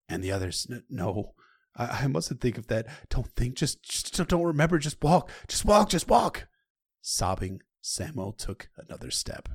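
A man with a fairly low voice retells a story in his own loose, conversational style. He slips into casual asides to the listener and the odd curse along the way. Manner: loose and conversational, with occasional profanity.

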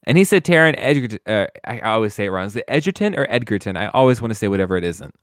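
A man hosting a casual podcast, relaxed as he steers the talk through listener picks. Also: on the low side, rapid-fire, smooth, dry recording, clean studio sound. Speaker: podcast host. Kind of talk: casual fan discussion.

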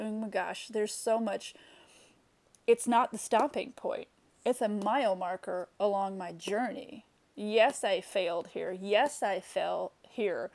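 A woman with a gravelly, darkish mid-range voice tells a personal story straight to camera as a vlogger. She is candid and reflective, with frequent fillers and restarts.

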